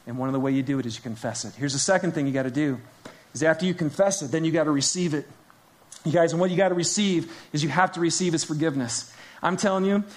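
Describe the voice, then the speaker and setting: A man preaching a sermon to a church congregation, talking casually and directly to the crowd, dropping to hushed whispers and rising to loud urgent emphasis. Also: high-pitched. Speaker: pastor.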